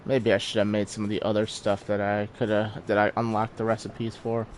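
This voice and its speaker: A man's voice: lowish voice, completely flat delivery, a little fast, a little hiss or hum. A man giving casual, self-deprecating live commentary while streaming a game, chuckling often.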